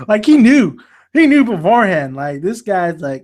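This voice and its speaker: Male podcast host, casual anime chat, fairly high voice, animated, profane, mimics characters. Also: a little slow.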